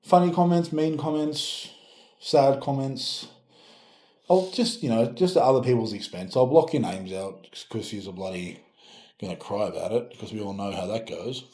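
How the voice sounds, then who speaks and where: A man's voice: mid-range voice, moderate pace, a little mellow. A man, a strength coach, chatting casually and sarcastically as he reacts to comments, with playful mock-scolding. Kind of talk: casual reaction video chat. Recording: roomy echoey room.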